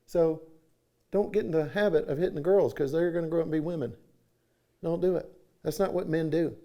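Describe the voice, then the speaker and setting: A man's voice: on the high side, steady tone, fairly quick, warm tone. A middle-aged man preaching at a church conference, telling folksy stories and acting out voices. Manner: folksy, acts out voices in anecdotes. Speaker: conference speaker. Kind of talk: sermon with storytelling. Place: church sanctuary.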